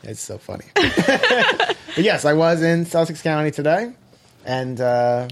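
A man's voice: moderate pace, creaky. Chatty man telling a story. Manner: storytelling, acts out quotes with lively pitch jumps. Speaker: podcast co-host. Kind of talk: casual chat.

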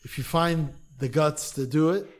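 Earnest halting man in his fifties. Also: on the high side. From Philadelphia. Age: 50s. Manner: earnest, halting with many restarts and fillers. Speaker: podcast guest. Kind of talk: casual chat.

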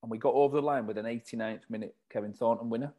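A man's voice: medium pitch, fairly even intonation, rapid-fire, mellow. Man recounting match details, laughing. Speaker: former footballer guest. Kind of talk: casual interview chat.

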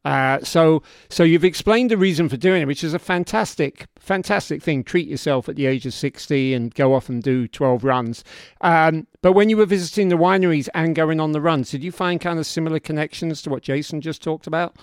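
A man's voice: a little high, fairly quick, clear, resonant tone, dry recording, clean studio sound. A man from Britain hosting a podcast, chatty and enthusiastic, asking questions in loose run-on sentences. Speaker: podcast host. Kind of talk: podcast interview.

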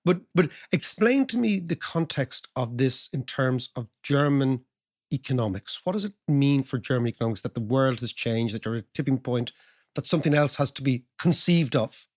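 A man's voice: medium pitch, lively intonation, normal speed, a little mellow. A man from Ireland, hosting an interview in a chatty, jokey and emphatic way. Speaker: host. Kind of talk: casual interview chat.

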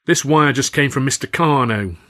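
A man's voice: medium pitch, moderate pace, bright, forceful tone, voice pushed up, natural voice. A man voicing a stern, formal older male theatre manager, speaking seriously and precisely.

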